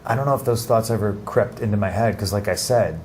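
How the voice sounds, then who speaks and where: A man giving an interview in a casual, halting way, with many restarts and fillers. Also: fairly low pitch, a little mellow, slight background noise. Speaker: interview guest.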